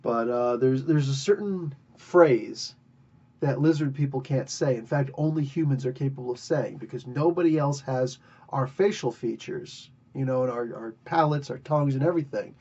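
A man's voice: mid-range voice, normal speed, darkish tone, breathy edge, highs cut off. A man hosting a podcast, recapping a story in a rambling, playful way with self-corrections.

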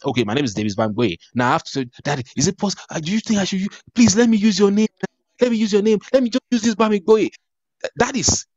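A man preaching with a lively, swinging pitch and emphatic repetition, often restarting a phrase before pressing his point. The sound is dry and a little muffled, with no room echo. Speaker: pastor. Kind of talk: sermon.

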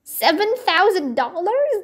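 A woman's voice: high-pitched, lively intonation, unhurried. A woman voicing an eager curious boy. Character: boy Josh, eager young friend.

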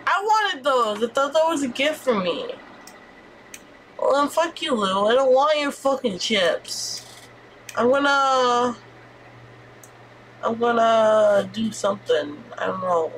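A young adult woman streaming gameplay live, chatty and excitable, with frequent swearing and exclamations. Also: a little high, slow pace, pauses often, a little hiss or hum.

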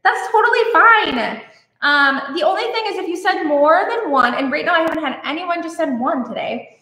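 A woman hosting an art live stream, chatting casually and rambling off on tangents while reacting warmly to viewer comments. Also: high-pitched, a little fast, echoey room. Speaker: art channel host.

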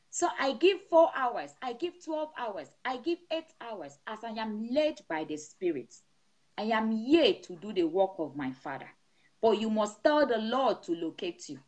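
A woman's voice: fairly high pitch, expressive, moderate pace. A middle-aged woman pastor preaching a sermon over an online broadcast, speaking in an emphatic, repetitive blessing cadence. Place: seated indoors.

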